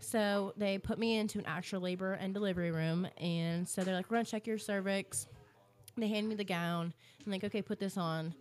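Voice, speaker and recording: A young woman co-hosting a podcast, chatty and animated as she retells a story with many fillers. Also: mid-range voice, fairly quick. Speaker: podcast co-host. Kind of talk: casual storytelling chat.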